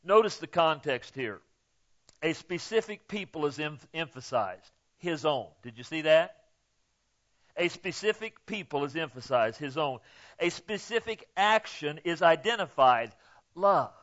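A man preaching a sermon to his congregation in a folksy, emphatic way, often checking in with "okay?" and swinging from quiet asides to loud, stressed lines. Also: on the high side, animated, measured pace, muffled recording. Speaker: pastor.

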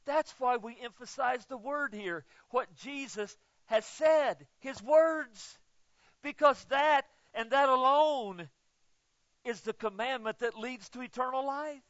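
A pastor preaching a sermon, swinging from loud emphatic lines to soft, low ones. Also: male voice, slow, dry recording. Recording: dull, muffled, dry sound.

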